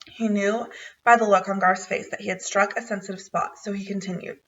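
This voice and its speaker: A woman's voice: mid-range voice, little pitch movement, normal speed, vocal fry, a bit bright, far from the mic, lo-fi sound. A woman reading a children's chapter book aloud, narrating expressively. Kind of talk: storybook read-aloud.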